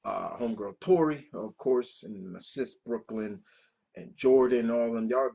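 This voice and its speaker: A man in his thirties at an ordinary middle pitch, hosting a casual reaction vlog. He tells heartfelt stories with plenty of swearing and repeats himself as he gathers his thoughts. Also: measured pace, vocal fry, warm tone, husky. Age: 30s. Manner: profane, emotional storytelling with many restarts. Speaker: reaction video host. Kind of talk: casual reaction-video commentary.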